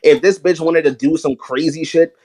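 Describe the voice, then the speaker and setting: Male co-host, excitable explainer, mid pitch, dry sound. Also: moderate pace, no room sound. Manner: excitable, explains with hypotheticals and slang. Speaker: podcast co-host. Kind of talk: casual chat about anime.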